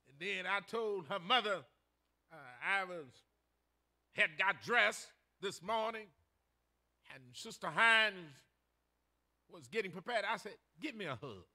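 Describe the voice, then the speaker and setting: Bright high-voiced older pastor preaching. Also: male voice, measured pace, long pauses. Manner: folksy storytelling, rising to shouted emphasis. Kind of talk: sermon.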